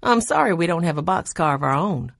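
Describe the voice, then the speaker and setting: A woman's voice: lowish voice, expressive, fairly quick, creaky, no echo, clean studio sound. A woman voicing a cheerful young college student in a storybook reading.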